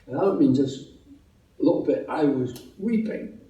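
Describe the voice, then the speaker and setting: A man's voice: mid-range voice, lively intonation, moderate pace, dark tone, echoey room, distant mic, highs cut off. A Scottish man giving a personal testimony at a meeting, telling his story in a chatty, humorous way. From Scotland. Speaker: testimony speaker.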